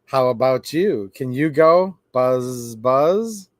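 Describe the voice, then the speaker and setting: A man's voice: on the high side, expressive, takes it slowly, a little mellow, no echo, clean studio sound. A man hosting a live stream, reading a children's rhyme book aloud in a playful sing-song way.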